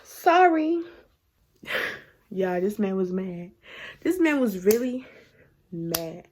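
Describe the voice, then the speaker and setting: Young woman doing a storytime vlog, sassy and fired up, lots of sighs, middle pitch. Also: slow. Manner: sassy and animated, sighs and laughs often; drops to a hushed aside at times. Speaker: vlogger telling a story. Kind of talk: casual storytime to camera.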